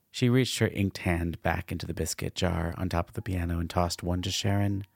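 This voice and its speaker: A man reading a dark fantasy tale aloud with a very deep, gravelly voice. His tone is husky and measured, recorded dry and close with no room sound. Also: fairly even intonation, dry recording. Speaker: narrator.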